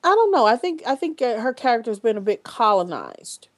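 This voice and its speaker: A woman's voice: a little high, very animated, brisk. A woman hosting a podcast in casual talk, speaking bluntly with frequent swearing, fillers and restarts. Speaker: podcast host.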